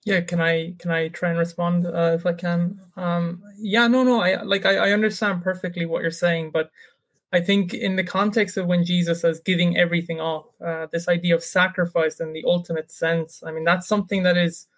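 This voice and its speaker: A man's voice: high voice, little pitch movement, normal speed, a bit bright. A man answers on a video call during a debate. He speaks hesitantly, restarting often as he works through his reasoning. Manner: hesitant, many fillers and restarts, reasoning aloud. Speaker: Christian panelist in a debate.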